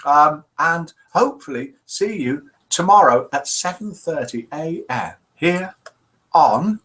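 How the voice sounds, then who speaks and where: A man's voice: a little high, lively intonation, slow, fairly bright tone. A man hosting a casual live chat, reading out viewers' messages and adding light quips. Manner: chatty, reads out messages with quips.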